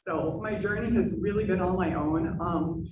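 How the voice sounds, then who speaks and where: A woman's voice: lowish voice, moderate pace, highs cut off. A woman telling her own story to an audience in a synagogue hall, earnest and laughing often between fillers. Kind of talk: personal testimony to an audience. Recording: roomy hall, distant mic, noisy.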